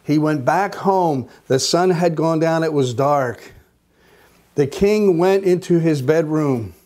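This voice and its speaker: A man teaching a Bible study lesson, retelling the story slowly and deliberately, repeating phrases for emphasis. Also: a little high, a little mellow.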